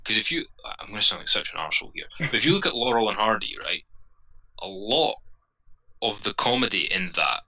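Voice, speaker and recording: A man's voice: fairly low pitch, animated, brisk, bright, forceful tone, low-quality recording. A man hosting a geeky livestream panel, talking in a rambling casual way with frequent restarts and the odd swear word. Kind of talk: casual group discussion.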